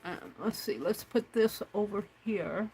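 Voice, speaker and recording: Slow-talking woman chatting while crafting. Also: mid-range voice, expressive, darkish tone, husky, low-quality recording. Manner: chatty, talks to herself while working, reads chat aloud. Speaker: crafting livestream host. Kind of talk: casual crafting livestream chat.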